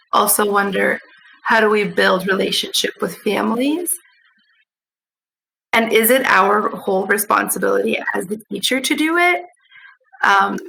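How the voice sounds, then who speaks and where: A woman's voice: mid-range voice, creaky, bright, forceful tone, poor audio. A woman hosting a podcast, asking thoughtful, searching questions in a casual conversation. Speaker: podcast host.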